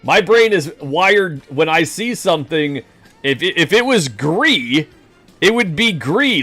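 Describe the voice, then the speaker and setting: Lively, chatty male game streamer. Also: a little high, takes it slowly, dry recording, soft background music. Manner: rambling, self-deprecating, jokey. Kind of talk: casual live-stream chat.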